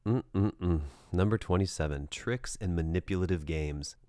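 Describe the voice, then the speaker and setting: A man's voice: deep voice, unhurried, mellow, dry recording, clean studio sound. A man working as a dating coach, giving advice in a direct, conversational monologue and checking in with the listener.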